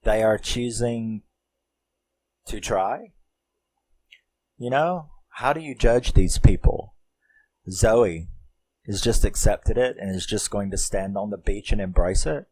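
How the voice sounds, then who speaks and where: Guy rambling about a movie, lowish voice, laughs a lot, says you know constantly. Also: takes it slowly, pauses often, darkish tone, no echo. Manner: rambling, laughs often, lots of fillers. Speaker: film reviewer. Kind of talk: casual film review.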